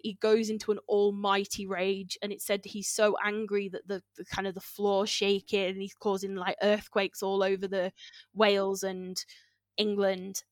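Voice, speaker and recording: A woman's voice: medium pitch, no room sound, clean studio sound. A woman telling a folk tale in a casual, chatty way, laughing and correcting herself as she goes. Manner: chatty, giggly, with fillers and self-corrections. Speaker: storyteller guest. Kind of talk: casual oral storytelling.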